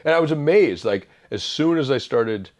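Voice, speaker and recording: A middle-aged man speaking as an interview guest, thoughtful and halting, with many fillers and restarts. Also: mid-range voice, lively intonation. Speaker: author guest. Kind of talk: reflective interview conversation.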